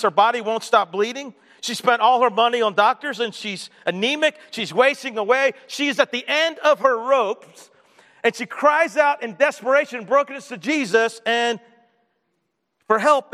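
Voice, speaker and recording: A pastor with a high-sitting voice preaches a sermon, telling stories animatedly and dropping to a quiet voice for emphasis. The audio carries a big-room sound.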